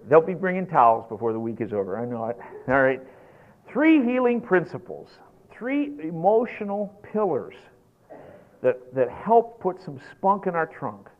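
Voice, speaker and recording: A man preaching a sermon in an animated, folksy way, getting worked up as he goes. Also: a little high, normal speed. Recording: tinny lo-fi phone-like recording.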